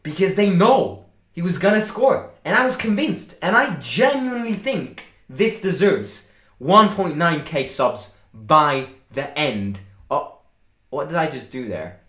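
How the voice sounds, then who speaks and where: Hyped-up guy streaming a football match, kinda high voice, loud celebrations, echoey room. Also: unhurried. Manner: excitable, shouts and boasts at goals, chatty with viewers. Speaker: football watchalong host. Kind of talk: live stream match reaction.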